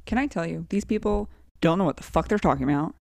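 A woman's voice: on the low side, fast, vocal fry, warm tone, no room sound, clean studio sound. A woman co-hosting a podcast in casual chat, blunt and swearing freely. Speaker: podcast co-host.

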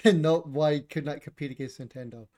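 A man's voice: a little high, fast talker, darkish tone. A man co-hosting a casual chat about video games, blunt and opinionated, swearing and laughing often.

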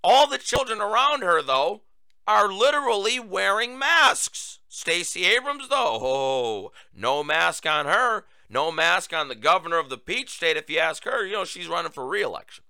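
Male talk-show host, raised pitch, very bright and lively, sarcastic monologue, dry close mic. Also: moderate pace, vocal fry, smooth, dry recording. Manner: sarcastic, animated, addresses listeners as folks. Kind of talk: opinion monologue.

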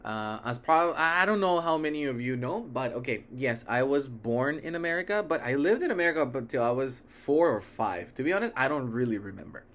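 A man's voice: medium pitch, expressive, a little fast, hardly any pauses, a bit bright. Easygoing young man, native Spanish speaker. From Mexico. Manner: rambling, self-correcting, easygoing. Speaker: podcast host. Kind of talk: casual solo podcast talk.

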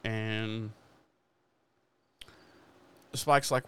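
A man casually retelling a TV episode for a podcast, swearing often and slipping into quick quoted lines. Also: mid-range voice, a bit bright, clear, resonant tone. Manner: swears freely while retelling episode scenes. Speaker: podcast host. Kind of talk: casual recap chat.

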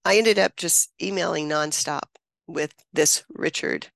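A woman in her seventies speaks as an interview guest, with a gravelly, creaky edge to her voice. She tells a personal story with feeling, laughing often and acting out the people she quotes. The sound is dry and close, with no room echo. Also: sits low, unhurried.

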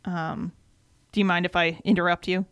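A woman's voice: lowish voice, level tone, moderate pace, fairly bright tone, clean tone, no echo, studio quality. A woman from Michigan co-hosting a casual chat, explaining things at length. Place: North Carolina.

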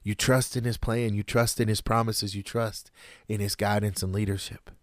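Earnest preacher man, low and dry. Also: level tone, no echo. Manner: earnest, measured, with dramatic pauses. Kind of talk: sermon.

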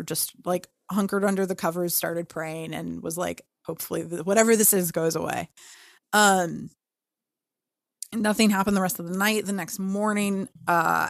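A young woman and podcast co-host telling a story in casual chat, animated and full of fillers, acting out her own reactions. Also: medium pitch, no room sound, clean studio sound.

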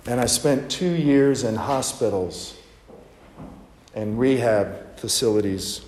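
A male pastor voicing a heartbroken middle-aged former golf pro who speaks in a quiet, halting, emotional way. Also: mid-range voice, slight background noise, pitched below the performer's own voice, natural voice. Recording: echoey hall with long reverb.

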